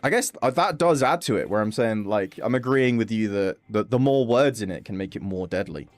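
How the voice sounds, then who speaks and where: A man's voice: brisk, no echo, faint music behind. A young man chatting casually and swearing freely while streaming a game. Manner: chatty, swears casually, animated jumps in pitch. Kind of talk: casual gaming stream chat.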